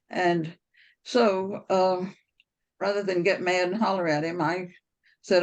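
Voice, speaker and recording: Brief: storyteller with a creaky, gravelly voice and a middle pitch, rambling and anecdotal, heard over a video call. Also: moderate pace, muffled recording. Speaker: speaker on a members' call. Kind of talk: personal storytelling talk.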